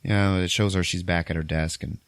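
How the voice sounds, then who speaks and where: A man hosting a podcast, casually retelling a film's scenes, swearing freely and slipping into quick voices for the characters. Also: sits low, fairly even intonation, creaky, no room sound. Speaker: podcast host. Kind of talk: casual movie recap.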